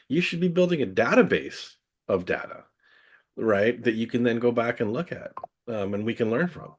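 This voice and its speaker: Low-voiced man musing with fillers. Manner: thoughtful, many fillers like "I mean". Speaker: guest grower. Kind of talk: casual podcast conversation.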